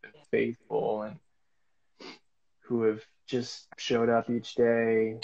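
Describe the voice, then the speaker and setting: A man's voice: medium pitch, completely flat delivery, takes it slowly, creaky, a little mellow, muffled recording. Rambling man sharing a faith story. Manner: rambling storyteller with many fillers. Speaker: guest speaker. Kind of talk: casual faith testimony.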